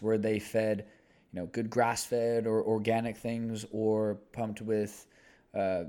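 A young man in his twenties chats casually as a podcast co-host, in a fairly low voice. He rambles in a relaxed way, full of "you know" and "like," and drifts from thought to thought. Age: 20s. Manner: laid-back, rambling, lots of fillers.

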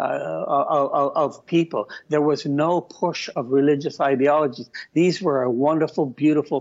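An older Canadian man talking as a guest commentator, impassioned and halting, often repeating words. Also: on the high side, darkish tone. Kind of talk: phone-in interview. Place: remote from Ottawa. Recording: muffled lo-fi line.

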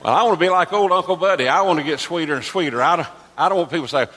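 A man in his sixties, a pastor, preaching an earnest sermon that drops soft and low, then rises to emphatic calls. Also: rapid-fire, slightly rough. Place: church sanctuary. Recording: long reverb of a large hall.

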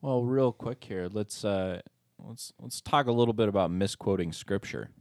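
A man's voice: fairly low pitch, moderate pace, darkish tone. A man co-hosting a church podcast in casual chat, joking and sarcastic. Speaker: podcast co-host.

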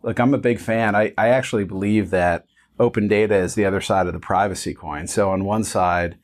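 A man in his forties, a founder talking as an interview guest, relaxed and earnest with many fillers. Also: on the low side, fairly quick. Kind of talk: casual interview conversation.

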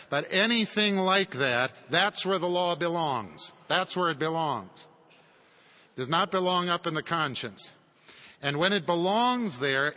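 A man's voice: medium pitch, bright, forceful tone. A man giving a conversational theology lecture with chuckling asides. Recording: long hall reverb.

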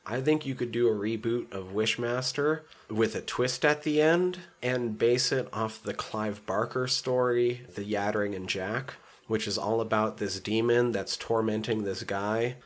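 Low-voiced man swearing through movie talk. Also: fairly even intonation. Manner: profane, enthusiastic, quick asides. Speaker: podcast co-host. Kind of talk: casual movie review chat.

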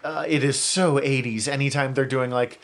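Speaking at a medium pitch with a steady tone and moderate pace, this male podcast co-host keeps things casual. His talk is enthusiastic, opinionated and meandering, padded with lots of fillers.

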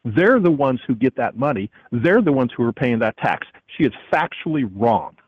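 A man's voice: mid-range voice, sing-song, normal speed, breathy edge, no room sound, dull audio. A man calling in from an airport as the economist guest on a radio interview, speaking emphatically and with indignation. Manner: emphatic, indignant, repeats the host's name. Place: airport, calling in while traveling.

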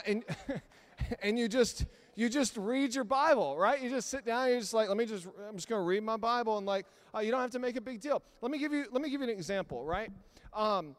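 A man preaching a sermon in an animated, conversational storytelling manner. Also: high-pitched, long reverb tail. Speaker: pastor.

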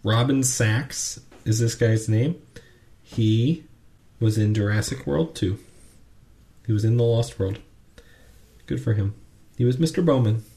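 A man co-hosting a podcast, chatting casually and ranting with animated asides. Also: medium pitch, unhurried, long pauses. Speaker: podcast co-host.

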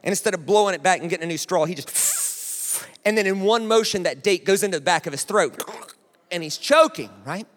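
An American man preaching a sermon in a chatty, animated way, often checking in with the crowd. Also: high voice, brisk. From United States. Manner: conversational, animated, keeps asking "right?". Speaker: pastor. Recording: long hall reverb.

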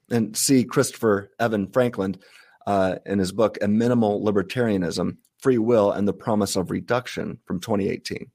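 A man with a fairly low voice, a guest on a casual podcast. He speaks in a measured way and reads long passages of his own writing aloud. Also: fairly even intonation, a little mellow. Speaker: guest author.

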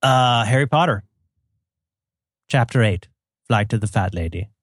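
Animated man with lively, bouncing delivery. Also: on the low side, a little slow, husky, dry recording, clean studio sound. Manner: animated and playful, breaks into goofy voices and bits of song. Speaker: podcast co-host. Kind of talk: casual chat.

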